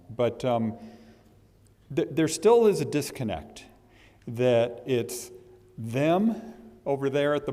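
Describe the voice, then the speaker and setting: A man giving a candidate speech as the incoming association president, halting and emotional, often repeating words. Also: medium pitch, darkish tone. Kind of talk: candidate speech at a meet and greet. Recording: reverberant hall.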